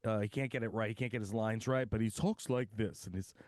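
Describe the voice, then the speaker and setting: A man's voice: lowish voice, fairly even intonation, fairly quick, a little mellow, dry recording. A man from the US East Coast co-hosting a podcast in casual chat, rambling and joking with lots of fillers, recorded in a studio. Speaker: podcast co-host.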